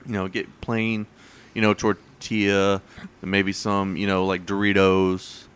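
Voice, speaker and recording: A man's voice: low voice, completely flat delivery, a little slow, a bit bright, clear, resonant tone. A man in casual chat with friends, speaking hesitantly with many fillers. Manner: hesitant, filler-heavy speech.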